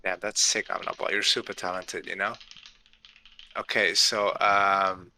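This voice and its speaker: A man's voice: deep voice, flat delivery, measured pace, creaky, pushed and bright, slight background noise, rough recording. A tired man hosting a casual community call, rambling with many fillers and tags like "right?". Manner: rambling, heavy fillers, tired late-night tone. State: tired, yawning. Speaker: community host. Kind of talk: casual livestream chat.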